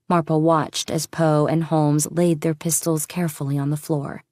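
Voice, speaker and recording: A woman narrating an audiobook in a measured, steady storytelling manner. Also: deep voice, no room sound, clean studio sound. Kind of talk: scripted narration.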